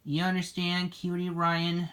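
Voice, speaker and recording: A reader voicing a mother on a farm in a storybook reading, with a gentle, soothing delivery. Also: mid-range voice, completely flat delivery, measured pace, slight background noise, pitched above the performer's own voice, close to an everyday voice.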